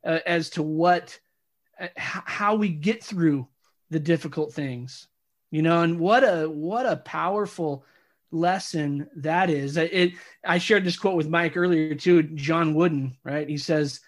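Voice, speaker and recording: A man with a somewhat high voice co-hosts a casual interview podcast. He reflects aloud, often restarting his sentences as he works through his thoughts. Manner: reflective, halting, many restarts. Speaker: podcast co-host.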